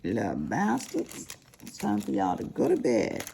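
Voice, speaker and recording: A woman's voice: a little high, wildly swooping pitch, moderate pace, creaky, mellow, slight background noise. An older woman, chatting casually and teasingly to viewers while she crafts. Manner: chatty, folksy, teasing, addresses viewers as y'all and honey. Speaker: crafting vlogger.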